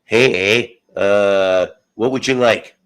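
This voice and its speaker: A man's voice: fairly low pitch, slow pace, a bit bright, clear, resonant tone. A man voicing a friendly male Canadian Mountie border guard who keeps adding "eh" to his questions, told as part of a joke on a casual livestream. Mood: folksy.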